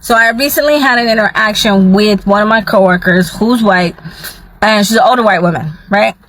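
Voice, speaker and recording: A woman telling a short personal story in a brisk, matter-of-fact way. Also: mid-range voice, a bit bright, a little hiss or hum, rough recording. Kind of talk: casual storytelling.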